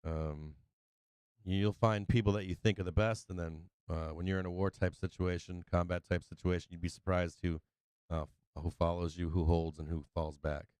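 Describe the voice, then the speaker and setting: A low-pitched man with a clean, resonant voice rambles through a casual story, swearing freely and doubling back on his words. His voice is close and dry, with no room sound around it. He talks the way a live stream host chats with his viewers. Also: level tone, normal speed, a little mellow, smooth, dry recording. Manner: loose and profane, with many restarts and laughs.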